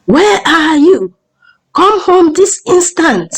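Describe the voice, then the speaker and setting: A woman voicing a jealous, scheming mother who yells and barks orders in a storybook tale. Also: medium pitch, expressive, normal speed, close to an everyday voice, low-quality recording. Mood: furious yelling. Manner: yelling, barking orders.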